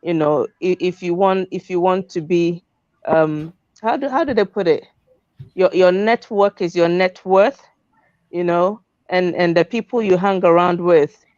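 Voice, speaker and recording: Slow, low-voiced woman, dull dry audio. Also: darkish tone, no room sound. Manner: slow, giggly, motivational. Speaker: guest on publishing show. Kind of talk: casual motivational chat.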